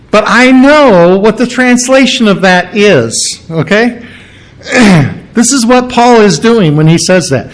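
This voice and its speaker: Slow, halting male preacher. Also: fairly high pitch. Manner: slow, halting teaching with frequent throat clearing. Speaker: pastor. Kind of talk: sermon.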